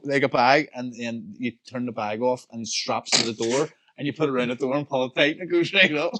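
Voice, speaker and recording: A Northern Irish man in his thirties chats loosely on a podcast. He rambles, swears freely and laughs often. His voice sits at a middling pitch. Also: fairly quick, noisy background. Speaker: podcast co-host. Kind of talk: casual chat. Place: DJ studio.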